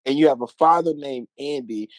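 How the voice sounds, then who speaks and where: A man with a middle-pitched voice hosting a casual interview over online voice chat. He asks questions in a laid-back, slangy way and teases his guest. The sound is dry and close. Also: normal speed, dry recording, rough recording. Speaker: interview host. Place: online virtual-world voice chat.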